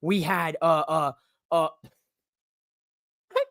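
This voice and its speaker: A man's voice: fairly high pitch, steady tone, drawn-out words, fairly bright tone, no echo. Solo streamer host, man, hyped and jokey, rambling recap delivery, dry close home-studio sound. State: out of breath. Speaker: wrestling show host. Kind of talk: solo livestream recap chat. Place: home studio in a living room. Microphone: livestream mic.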